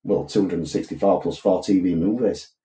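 A man's voice: sits low, a little fast, very noisy. A man co-hosting a podcast, chatting casually as he retells a TV episode and slips into quoted voices. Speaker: podcast co-host. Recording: roomy echo.

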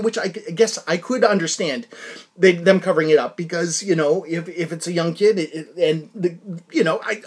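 A man's voice: sits high, normal speed, husky. A man hosting a solo podcast, rambling with many restarts and working himself up into a heated rant. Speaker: podcast host.

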